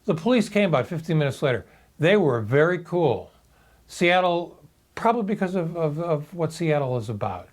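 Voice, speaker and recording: A man in his sixties telling a personal story in a halting, reflective video monologue. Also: fairly high pitch, big pitch swings. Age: 60s. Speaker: video blogger.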